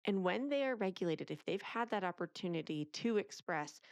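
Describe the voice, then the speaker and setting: Heard in a dry, studio-quality recording, this thirty-something parenting author speaks with a medium pitch at a moderate pace. As a guest in a relaxed interview, she is animated and plays out the lines of both parents and kids.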